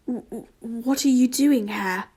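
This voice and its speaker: A gentle young man from a read-aloud fan story, voiced by a woman. He speaks softly in a high, unhurried voice. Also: slightly rough. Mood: startled. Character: young man, partner, tender and startled.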